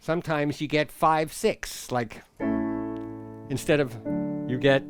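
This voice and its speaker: A man's voice: on the high side, slow. A man teaching a playful children's music lesson at his keyboard at home, with exaggerated rising and falling inflection.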